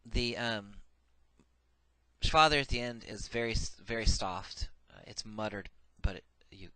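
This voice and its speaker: A man's voice: on the low side, a little slow, bright, forceful tone, no echo. Methodical man teaching grammar, dry sound. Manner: methodical, repeats each form twice, many "uh" fillers. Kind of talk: recorded classroom lecture.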